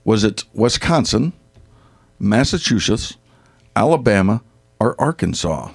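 Gravelly-voiced American man hosting a quiz. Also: lowish voice, very animated, measured pace. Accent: Northern US. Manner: jokey, laughs often, stumbles over questions. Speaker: quiz host. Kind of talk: casual Christmas trivia quiz.

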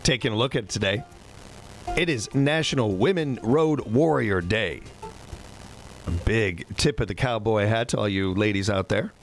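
A man's voice: fairly low pitch, moderate pace, rough recording. A man hosting a country music radio show, talking in a folksy, rambling, self-deprecating way. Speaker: radio host. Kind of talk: casual radio show chat.

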